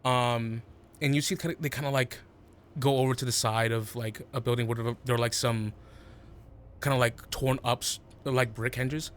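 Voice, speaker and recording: A man's voice: mid-range voice, fairly even intonation, moderate pace, a little hiss or hum. A man narrating as game master of a tabletop game, hesitant, with many fillers and restarts.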